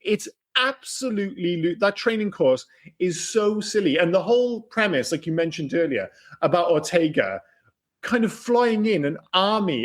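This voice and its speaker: A man co-hosting a podcast, talking animatedly about a film, swearing freely and acting out lines. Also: a little high. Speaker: podcast co-host. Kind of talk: casual film-review chat.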